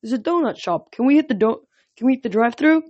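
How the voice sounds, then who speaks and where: A woman's voice: medium pitch, lively intonation, a little slow. A woman voicing a cocky male flying horse with a slangy, eager way of talking. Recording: dull lo-fi recording.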